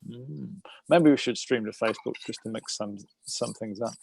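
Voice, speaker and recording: A man's voice: medium pitch, moderate pace, creaky, a little mellow, no echo, low-quality recording. A man hosting a casual livestream chat, hesitant and full of ums and restarts. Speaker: host.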